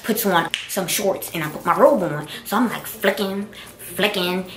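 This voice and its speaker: A woman's voice: on the low side, unhurried. A young woman in college telling a personal story in a casual, emphatic way and acting out the dialogue. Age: young adult. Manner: animated, emphatic, acts out dialogue. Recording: roomy echo with faint music.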